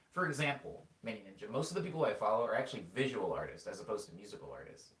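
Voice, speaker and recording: A man's voice: fairly low pitch, distant mic. Laid-back young man rambling to his chat. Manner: rambling, animated storytelling with filler words. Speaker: music streamer answering chat. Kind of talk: casual stream chat. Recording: echoey room, voice a bit off-mic.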